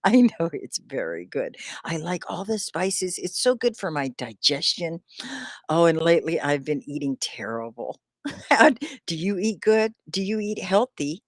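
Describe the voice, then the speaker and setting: A woman teaching English on a live stream, speaking slowly and clearly with encouragement, often laughing as she talks to viewers. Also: lowish voice, sing-song, dry recording, clean studio sound. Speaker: ESL teacher.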